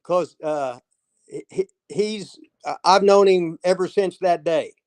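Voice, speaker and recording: A man's voice: high-pitched, takes it slowly. An older man, a former wrestler, telling rambling stories in casual chat, laughing often and swearing. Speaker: former pro wrestler, guest.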